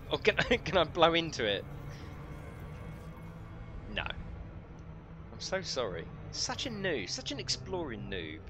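A man's voice: on the high side, wildly swooping pitch, unhurried, long pauses, music in the background. A middle-aged man casually commentating a live game stream, chatting and joking with his viewers. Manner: jokey, chatty, reads out chat and laughs often.

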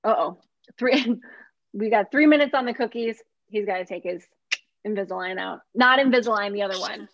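A woman's voice: medium pitch, fairly quick, no echo. A woman from Minnesota hosting a casual cooking chat on a video call, upbeat and chatty, often laughing. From Minnesota, USA. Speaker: host. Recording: dull, muffled video call audio.

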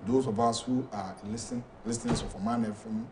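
Steady background noise sits under the voice of a Ghanaian talk show host whose pitch is fairly low. Recorded from a distance as he leans back from the mic, he reads out viewer messages haltingly, fumbling names and leaning on frequent fillers.

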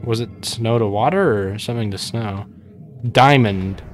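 A young man gives casual let's-play commentary on his own gameplay, rambling and joking with sudden bursts of panic. His voice is lowish and unhurried, with faint music in the background.

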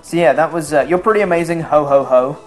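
A man's voice: on the high side, quick pace, soft background music. A young man giving casual, self-mocking commentary over his own video game run, swearing freely. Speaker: let's play commentator.

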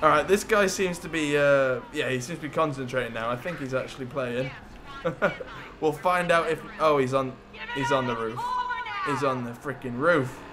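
A young man giving excitable, jokey gameplay commentary as a gaming YouTuber. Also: mid-range voice, moderate pace, noisy background. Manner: excitable, jokey, swears and laughs often.

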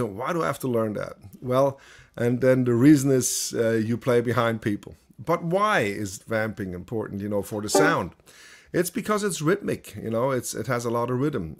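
A banjo teacher explaining with many pauses. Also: male voice, mid-range voice. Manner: thinking aloud, many fillers and restarts. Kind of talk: online masterclass lesson.

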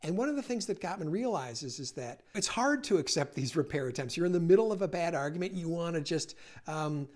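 A man speaking as an educational host, explaining ideas in a conversational way and reading example phrases gently. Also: on the high side. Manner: conversational, with fillers and restarts. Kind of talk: explanatory lecture.

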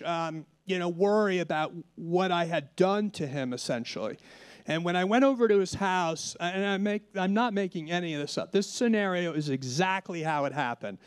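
A man's voice: fairly high pitch, clean tone, no echo. A man in his fifties telling a personal story as a guest on a conference panel, acting out quoted lines as he goes. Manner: anecdotal, with voiced quotes and restarts. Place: conference stage.

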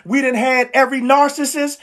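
A woman's voice: sits high, flat delivery, a little fast, fairly bright tone. A woman preaching a live sermon, fervent and emphatic, repeating lines and calling out to her listeners in casual, slangy speech. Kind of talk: live-streamed street-style sermon.

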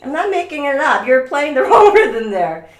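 A woman's voice: high voice, big pitch swings, moderate pace, reverberant, recorded from a distance. Woman violin teacher coaching a student. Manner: coaching, sings rhythms aloud. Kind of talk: online music lesson.

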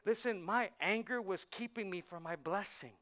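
High-voiced man preaching with passion. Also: normal speed. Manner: impassioned preaching, swinging between hushed and loud. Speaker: pastor. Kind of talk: sermon. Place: church service.

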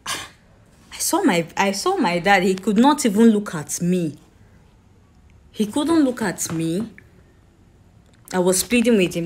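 A woman tells how her father died, halting and repeating her words, with a pleading, accusing tone. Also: mid-range voice, very animated, a little mellow. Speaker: grieving daughter telling her story. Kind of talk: emotional personal account.

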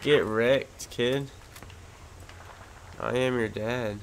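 A man commentating his own online shooter match, swearing constantly and quick to rage. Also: medium pitch, steady tone, creaky. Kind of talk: casual gameplay commentary. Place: at home in front of a big TV. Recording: loud game gunfire and vehicle noise behind.

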